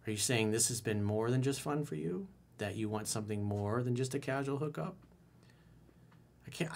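Speaking at a medium pitch, a dating coach gives frank dating advice as he reads out a listener's letter and reacts to it. Along the way he performs certain lines, slipping in abrupt quiet asides.

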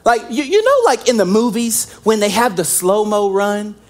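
A young man preaching a sermon as pastor, animated and joking, acting out little scenes as he goes. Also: sits high, moderate pace.

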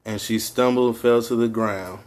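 A man, co-hosting a casual podcast, reading a news story aloud in a laid-back, low-key way. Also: fairly even intonation, normal speed, a little mellow. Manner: laid-back, low-key delivery, calls himself high all the time. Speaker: podcast co-host.

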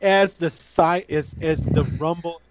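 A man's voice: fairly high pitch, fairly even intonation, unhurried, dull audio, slight background noise. A man narrating and running a tabletop role-playing game in a casual, chatty way. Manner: casual, chatty, with many restarts. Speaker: game master.

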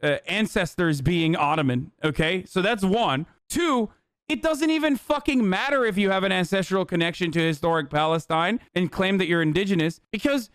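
A man's voice: sits high, moderate pace, a bit bright, smooth, dry recording, clean studio sound. A young man streaming heated, profane political commentary, full of fillers and swearing. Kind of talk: casual ranting commentary.

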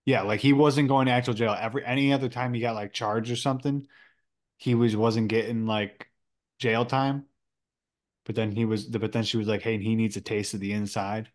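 A man's voice: medium pitch, steady tone, normal speed. A man co-hosting a casual podcast, chiming in with short, blunt reactions and questions. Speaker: podcast co-host. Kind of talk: casual chat.

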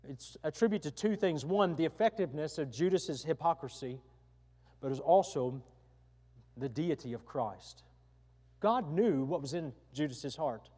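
A man's voice: a little high, lively intonation, unhurried, dark tone, breathy edge, long reverb tail. A male pastor delivering a sermon, emphatic and given to repeating his phrases.

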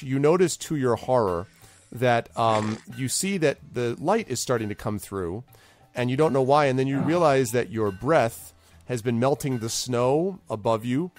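A man with a medium-pitched voice narrates as the game master of a tabletop game, rambling and halting with lots of fillers.

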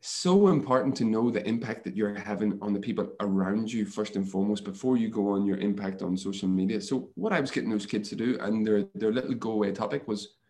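Animated man chatting as a podcast guest. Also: lowish voice, a little fast, few pauses. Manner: animated storyteller who acts out his own thoughts in quoted lines. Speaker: podcast guest, mindset coach. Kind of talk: casual podcast conversation.

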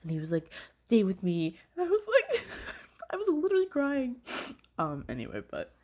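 A woman chatting casually in a gushing, excitable way, with heavy filler words, frequent laughter and some swearing. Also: sits high, fairly quick. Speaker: vlogger reviewing dramas. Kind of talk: casual chat.

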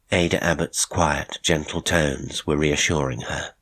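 Deep-voiced male horror narrator. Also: fairly even intonation, fairly bright tone. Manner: measured, unhurried storytelling. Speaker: narrator and producer. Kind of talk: scripted horror story narration.

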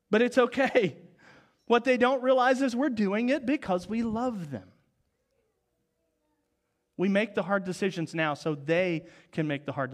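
A man in his forties preaching a sermon, telling stories and dropping to soft, low tones for emphasis. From Oklahoma, US. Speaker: pastor.

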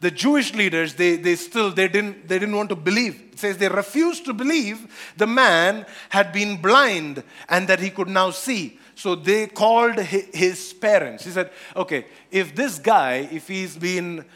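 A man preaching a sermon on scripture, animated, repeating phrases and acting out the quoted voices. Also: high voice, unhurried, few pauses.

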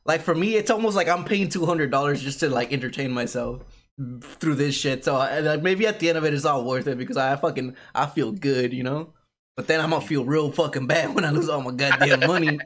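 A man's voice: on the high side, fairly quick, a bit bright. A man hosting a casual podcast, rambling and joking, repeating himself often. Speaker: podcast host.

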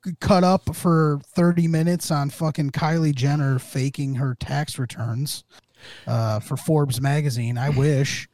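A man's voice: fairly high pitch, fairly even intonation, a little slow, a little mellow, no room sound. A man co-hosting a podcast, talking in a casual, rambling way with many restarts. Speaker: podcast co-host.

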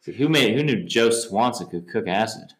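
Low-voiced guy rambling about movies on a podcast, lots of ums, echoey room. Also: expressive, normal speed, heavy background noise. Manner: rambling, hesitant, acts out movie lines in high voices. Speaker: podcast co-host. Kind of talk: casual film chat.

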